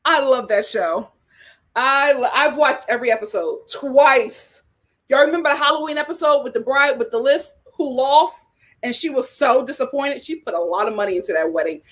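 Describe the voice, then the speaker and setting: A woman hosting a casual, animated chat about reality TV, laughing often. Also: sits high, moderate pace. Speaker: host.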